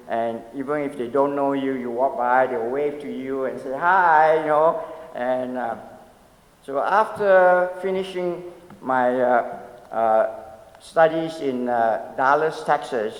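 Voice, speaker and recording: Older male pastor in an echoing church. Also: mid-range voice. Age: 70s. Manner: storytelling, asks the audience questions, light humor. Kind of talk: conversational sermon meditation. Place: church sanctuary. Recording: long echoey church reverb.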